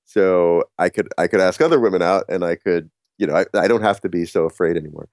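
Deep-voiced man telling a self-mocking story. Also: darkish tone, dry recording, clean studio sound. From New Jersey. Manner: halting, many restarts, laughs at himself. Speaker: speaker on courage. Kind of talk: casual storytelling monologue.

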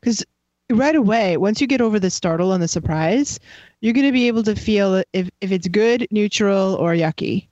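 A woman talks loosely and warmly, circling back often and filling pauses. She sounds like a psychic teacher chatting casually. The recording is dry and a little muffled. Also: medium pitch, no echo. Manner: chatty, rambling, many fillers and restarts. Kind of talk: casual conversation. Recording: dry, slightly dull sound.

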